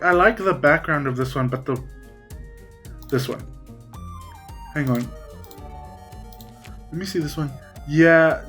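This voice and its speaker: A man talking casually over his gameplay in a fairly high voice. He muses aloud and talks to himself as he weighs his choices. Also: a bit bright. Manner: musing, self-talking while choosing. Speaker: gamer. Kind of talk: casual let's-play commentary.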